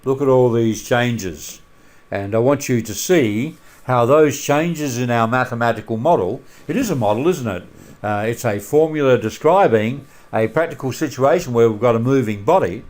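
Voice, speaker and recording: A man teaching a maths lesson over a screencast in a relaxed way, with many filler sounds and questions put to the students. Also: medium pitch, moderate pace.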